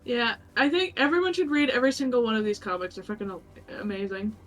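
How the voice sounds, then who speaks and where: A woman's voice: on the high side, fast, fairly bright tone, faint music behind, poor audio. A woman chatting casually with her tabletop game group during a break. She swears freely and laughs often.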